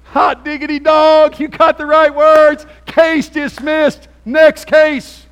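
A male preacher voicing a judge who is excitable, with a shrill, drawn-out and exaggerated delivery in the middle of a sermon story. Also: lo-fi sound, full character voice. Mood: gleeful. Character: squeaky-voiced excitable judge dismissing a case.

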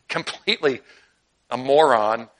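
A man's voice: medium pitch, slow pace. A man preaching a sermon, reading scripture and joking with laughing asides. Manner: humorous, animated, laughing asides. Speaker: pastor.

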